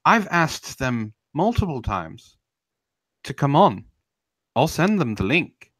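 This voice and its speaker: A man's voice: mid-range voice, sing-song, slow pace, fairly bright tone, no echo. A man hosting a live stream, ranting in a confrontational, taunting way and answering chat, admitting he is getting heated.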